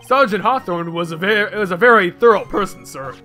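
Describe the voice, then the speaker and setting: A man's voice: sits high, brisk, sharp tone, faint music behind. A man voicing an earnest, bumbling male police detective in a game reading, dutiful in manner.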